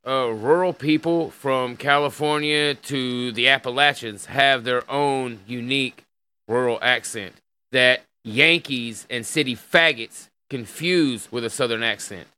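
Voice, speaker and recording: A man's voice: medium pitch, unhurried, sharp tone, clean tone, low-quality recording. A man hosting an online podcast, chatting casually with crude language and reading an article aloud over a call. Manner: loose and crude, with fillers and laughs. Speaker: podcast host.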